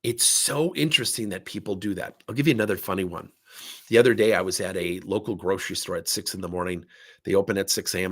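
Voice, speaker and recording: Middle-aged man, coaching consultant, lively swooping delivery, gravelly edge. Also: low voice. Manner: animated storytelling, acts out quoted voices. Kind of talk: talk to camera.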